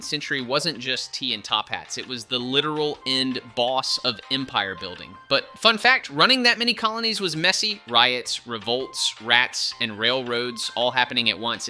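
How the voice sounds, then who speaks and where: A man hosting a reaction video, riffing in a hyped, jokey, casual manner. His tone is very bright and sharp at a middle pitch. Faint music plays behind him. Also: fairly even intonation, unhurried, hardly any pauses. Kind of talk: casual commentary.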